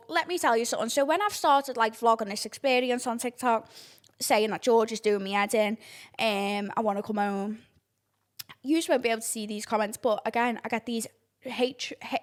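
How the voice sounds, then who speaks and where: A young woman, hosting a casual podcast, oversharing and swearing freely in animated outbursts. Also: sits high. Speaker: podcast host. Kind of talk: casual chat.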